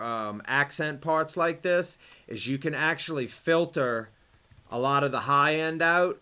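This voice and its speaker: A young man explaining beat programming in a relaxed tutorial, with fillers and restarts. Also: medium pitch, clean tone. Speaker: music production instructor. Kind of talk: screen-recorded tutorial.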